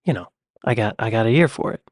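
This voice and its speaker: A man's voice: lowish voice, animated, fast talker, no room sound, clean studio sound. A man from the Southeastern United States, chatting casually as he reacts to a video and repeating himself in an easygoing way. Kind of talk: casual commentary.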